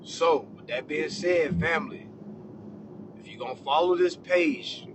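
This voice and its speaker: A man ranting to his followers with profane comedy, swinging between shouting and low muttering. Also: unhurried, noisy background. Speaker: social media commentator. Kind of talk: profane comedic rant to camera.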